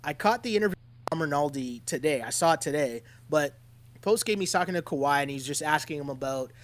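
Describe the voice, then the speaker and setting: A male co-host of a casual sports podcast talks animatedly, constantly checking in with his partner by asking "right?". His pitch is fairly high and his pace fairly quick.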